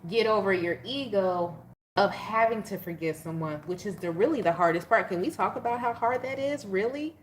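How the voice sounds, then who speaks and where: A chatty young woman talks through a casual tarot reading, lively and playful as she jokes and laughs with her viewers. Her voice sits at a middle pitch. A faint hiss of noise runs under the recording. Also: moderate pace. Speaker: tarot reader.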